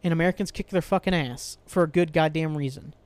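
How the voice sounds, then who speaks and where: Young man, podcast host, angry profane rant, sighs, slightly high voice, dry close sound. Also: fast, darkish tone, clear, resonant tone, dry recording.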